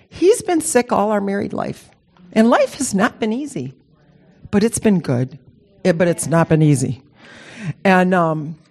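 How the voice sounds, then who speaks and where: Woman, rambling personal story, lively pitch swings, emotional, casual. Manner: animated, emotional, rambling with restarts. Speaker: speaker sharing a personal story.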